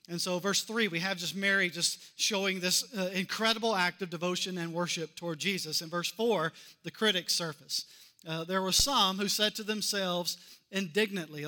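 A man's voice: high voice, sharp tone. A man preaching a sermon, reading scripture and repeating key phrases with building intensity. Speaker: pastor.

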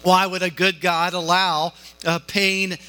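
A man's voice: high voice, little pitch movement, unhurried, bright, forceful tone, clear, resonant tone, poor audio. A man preaching a sermon in a conversational way, with many fillers and restarts. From northern Alabama.

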